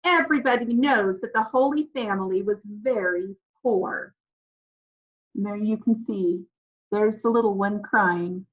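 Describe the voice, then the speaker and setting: A woman narrating a children's novel in first person, animated and expressive, acting out the children's voices. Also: medium pitch, measured pace, highs cut off. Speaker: audiobook narrator.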